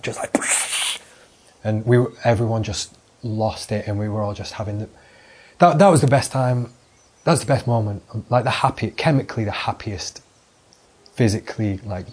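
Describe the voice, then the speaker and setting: Husky-voiced British bloke telling a story. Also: male voice, fairly low pitch. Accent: British English. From Britain. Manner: loose, sweary, animated anecdote-telling with many fillers. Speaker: podcast host. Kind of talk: solo rambling storytelling monologue.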